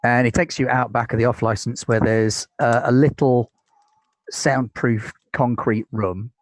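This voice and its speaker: A man's voice: medium pitch, steady tone, a little slow, no echo, rough recording. A British man narrating as game master of a tabletop game, describing scenes in an easygoing way with many fillers.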